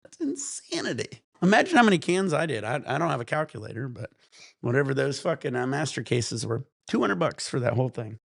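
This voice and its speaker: Gravelly, rambling cannabis streamer guy. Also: mid-range voice, very animated, brisk, no room sound, studio quality. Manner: rambling, profane storytelling with frequent laughs. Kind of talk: casual livestream chat.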